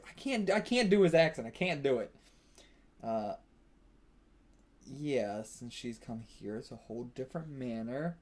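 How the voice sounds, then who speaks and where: A man of middle pitch reacting live to a manga as he reads. He thinks out loud in a loose, casual way, chuckles a lot and drops the odd curse. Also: lively intonation, a little slow, long pauses. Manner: casual, thinks aloud, laughs often, swears. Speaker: manga reaction channel host. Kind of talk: live reaction while reading manga aloud.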